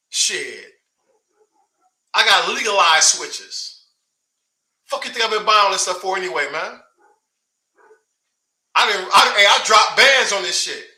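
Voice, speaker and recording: A man with a high, piercingly bright voice rants into his camera, taunting and cursing at his critics. He talks in a confrontational, swaggering way and keeps breaking into scoffing laughs. The recording rings with the echo of the room around him. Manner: taunting, confrontational, heavy swearing. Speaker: online streamer. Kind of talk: heated livestream rant. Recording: echoey room.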